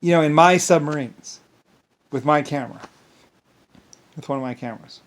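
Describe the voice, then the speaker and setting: A man talking in a rambling monologue, halting and restarting often, full of filler words, dropping to mumbles and then jumping into loud bursts. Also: on the high side. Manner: swings between mumbling and sudden loud bursts. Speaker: self-styled storyteller.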